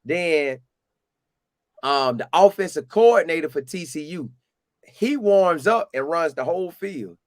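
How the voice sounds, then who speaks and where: Casting note: animated Southern storyteller, a man with a high voice, recorded dry and close. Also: measured pace, no echo. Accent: Southern US, Florida. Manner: animated, acts out quotes in a higher voice. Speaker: storyteller recounting a game visit. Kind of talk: casual storytelling.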